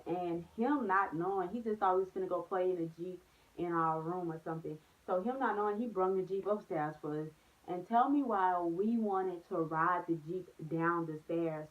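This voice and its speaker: A young woman chatting casually in a vlog, telling stories with lots of slang and "like"s. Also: on the low side. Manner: animated storytelling with slang and many "like"s. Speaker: vlogger. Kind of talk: storytime vlog, casual chat. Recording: phone-like narrow sound.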